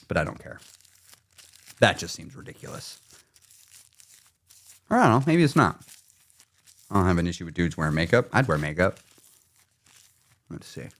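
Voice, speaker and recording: A man hosting a casual live stream, talking straight to viewers in a pushy, teasing way and laughing often. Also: low-pitched. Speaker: live stream host, weight loss coach.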